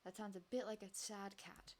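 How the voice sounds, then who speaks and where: A woman's voice: medium pitch, flat delivery, normal speed, darkish tone. A woman streaming herself playing a game, chatting casually to herself and her chat, often breaking into little exclamations and sing-song lines.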